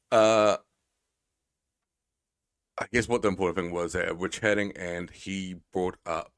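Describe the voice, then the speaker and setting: A man streaming live, rambling and teasing his chat with plenty of swearing. His voice sits very low, and the sound is dry and close. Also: no echo.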